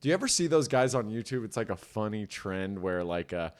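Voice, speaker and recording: A man's voice: fairly low pitch, very animated, brisk, smooth. A young man co-hosting a comedy podcast, chatting casually and rambling with lots of "like.". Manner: rambling, heavy use of "like". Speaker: podcast co-host.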